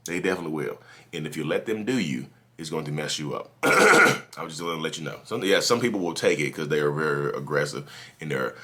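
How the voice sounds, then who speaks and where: A man talks straight to camera in a casual advice monologue, circling back over his points and often restarting his sentences. His voice sits very low yet has a bright, forceful edge. He turns animated when he acts out what other people say. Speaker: YouTube channel host.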